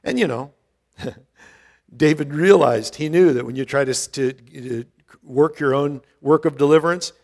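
A man's voice: on the high side, moderate pace, gravelly, a little mellow. A man preaching a sermon as pastor, earnest and emphatic, repeating his key points and often restarting his phrases.

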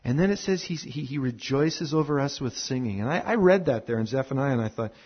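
A man preaching a sermon full of personal stories, animated at moments and then dropping to a hushed tone. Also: mid-range voice, fairly quick, few pauses, husky, lo-fi sound. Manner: animated storyteller who drops to a hushed tone. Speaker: pastor.

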